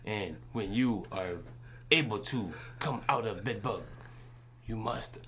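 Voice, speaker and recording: A man's voice: fairly low pitch, takes it slowly, a bit bright, a little hiss or hum. A man putting on a fake foreign accent to play a stern man handing out a punishment, in clipped broken English.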